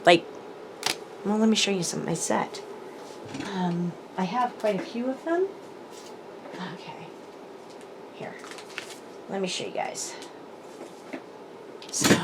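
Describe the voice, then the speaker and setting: A woman with a mid-range voice hosts a crafting channel from her home craft room, showing products to the camera in a casual haul video. She chats enthusiastically, full of ums and little laughs, with background noise audible.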